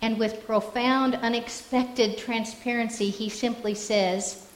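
A woman pastor delivering a sermon, pitched a little high and speaking in an earnest, reflective storytelling way. Her voice rings out in an echoey church room. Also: fairly even intonation, slow pace.

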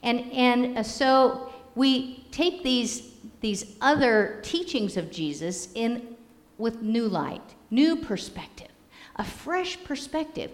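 A woman pastor giving a sermon in a measured, storytelling manner. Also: on the high side. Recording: long reverb of a hall.

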